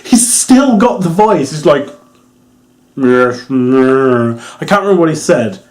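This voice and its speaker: A man's voice: sits high, sing-song, fairly quick, a little mellow. A young English man with an English accent giving a rambling, casual wrestling review, laughing often and swearing freely. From England.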